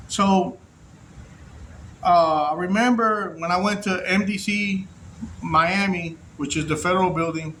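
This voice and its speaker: Casual male vlogger, high voice, profane rambling storyteller, faint hum behind. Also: pushed and bright. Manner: rambling, profane, restarts often. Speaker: former inmate telling his story. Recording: echoey room.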